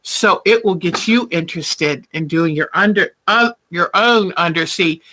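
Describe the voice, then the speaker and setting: Woman hosting a live quilting show, unhurried and chatty, bright tone, sweet-talks viewers. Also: lowish voice. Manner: chatty, affectionate, calls viewers honey and hon. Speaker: quilting livestream host. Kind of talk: casual livestream chat while quilting.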